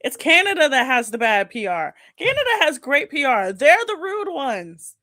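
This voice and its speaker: A woman co-hosting a podcast, talking excitedly and laughing as she chats. She is from the United States. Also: high voice, moderate pace, no echo, clean studio sound. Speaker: podcast co-host. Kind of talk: casual chat.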